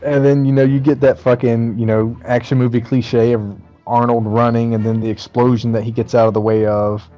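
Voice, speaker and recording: A man's voice: mid-range voice, fairly quick, hardly any pauses, muffled recording, soft background music. A man casually recapping a movie plot, telling it with lots of swearing and acting out the lines. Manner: animated storytelling with profanity, acts out movie lines.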